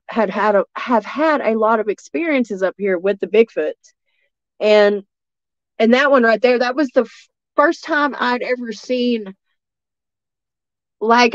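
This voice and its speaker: A woman's voice: a little high, no echo, dull audio. A woman from East Tennessee, telling a story as a guest in a rambling way, full of restarts and fillers. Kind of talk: casual storytelling.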